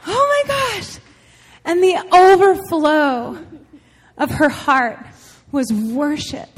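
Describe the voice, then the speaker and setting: A woman with a high voice shares an emotional testimony in a large church, breaking into laughter often. Her words ring out in an echoey hall with a long reverb tail. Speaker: church speaker and mother.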